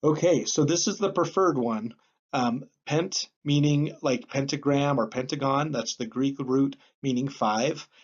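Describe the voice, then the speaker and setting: A man at a middling pitch lectures a class. He talks in a plain, explanatory way and leans often on um and uh. The recording is a little dull and lo-fi. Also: unhurried. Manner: plain explanatory, with frequent um and uh fillers. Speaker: teacher.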